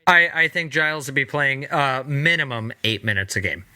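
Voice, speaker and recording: A man guesting on a sports podcast, speaking deliberately with frequent restarts and the odd joke. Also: mid-range voice, animated, bright, forceful tone, clear, resonant tone. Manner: deliberate, stammers on restarts, jokey. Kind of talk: casual sports podcast chat.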